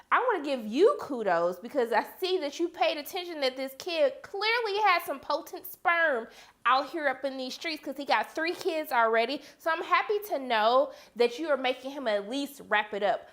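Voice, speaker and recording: Young woman reviewer, high-pitched and expressive, chatty vlog delivery. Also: normal speed. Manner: animated, talks straight to the viewers and the characters; quotes characters with sudden high-pitched outbursts. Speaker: TV episode reviewer.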